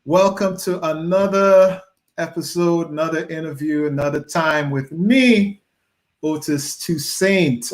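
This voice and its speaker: A chatty Trinidadian man opens his interview show in an easy, upbeat way. His voice sits a little high for a man, and he keeps the talk loose and friendly. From Trinidad and Tobago. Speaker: interview host. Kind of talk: casual video-call interview intro.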